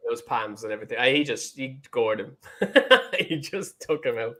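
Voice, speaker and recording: Blunt opinionated man with a bright voice. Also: mid-range voice, expressive, normal speed. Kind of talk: casual football chat.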